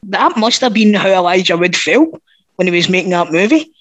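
A man's voice: sits high, animated, a little fast, no room sound, dull audio. A man co-hosting a casual podcast chat, blunt and sweary as he mocks bad film performances. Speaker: podcast co-host.

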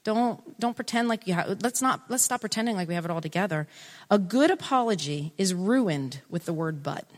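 Middle-aged woman talking earnest and animated, cuts herself off a lot, long echo tail on the voice. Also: mid-range voice, a little fast. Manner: earnest, animated, self-interrupting. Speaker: speaker on family relationships. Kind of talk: casual talk.

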